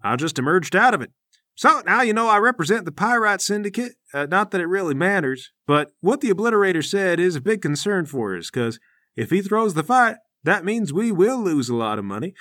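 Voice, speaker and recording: A man's voice: high voice, very animated, fairly quick, bright, forceful tone, dry recording, exaggerated voice. A man voicing a slick male crime syndicate messenger who talks in a matter-of-fact way during a tabletop role-play game.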